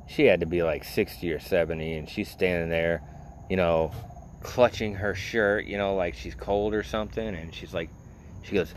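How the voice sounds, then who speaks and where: A man's voice: sits low, slight background noise. A man in a casual vlog, rambling and sarcastic, full of "you know" as he tells a story. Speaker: vlogger. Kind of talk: casual rant.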